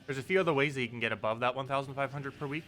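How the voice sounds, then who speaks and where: A man's voice: medium pitch, racing, fairly bright tone, a little hiss or hum. A man casually chatting with his live-stream chat, laid-back and joking about how he says words. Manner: laid-back, chatty, answers chat, laughs at own pronunciation.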